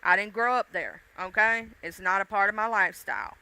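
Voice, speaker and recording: Bright, crisp Southern woman chatting. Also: mid-range voice, expressive, fairly quick. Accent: Southern US, mixed country and urban. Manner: chatty, folksy, casually profane, talks straight to viewers. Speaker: livestream host. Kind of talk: casual live-stream chat.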